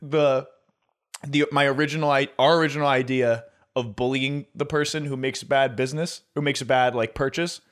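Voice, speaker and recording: A man's voice: medium pitch, steady tone, fairly quick. A man co-hosting a podcast in casual chat, riffing on jokes and laughing hard. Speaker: podcast co-host.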